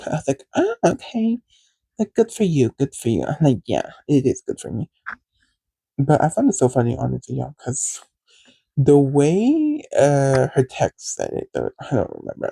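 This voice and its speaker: A young man tells his own story in a casual, sassy monologue, full of profanity and squealed impressions of the people in it. His voice is slightly raised in pitch, with a gravelly fry and a dark, mellow tone. It is captured up close on a phone in a dry, dead-sounding space. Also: no echo. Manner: sassy, profane, dramatic retelling with squealed quotes. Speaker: podcast host.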